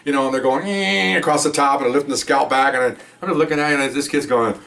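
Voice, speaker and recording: Middle-aged ex-cop guy rambling thru a story, talks quick, sits a bit back from the mic. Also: mid-range voice, fairly even intonation, a bit bright, far from the mic. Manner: rambling, acts out quotes in a raised voice. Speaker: retired police officer telling stories. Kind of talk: casual spoken storytelling.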